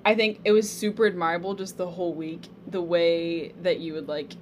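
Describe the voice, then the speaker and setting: A young woman hosting a casual faith chat, expressive and quick to react with exclamations. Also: fairly low pitch, slight background noise.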